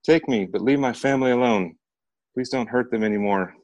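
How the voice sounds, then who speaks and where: A man's voice: medium pitch, brisk, a little mellow, no room sound, voice pushed up, close to an everyday voice. A man voicing a terrified young woman pleading.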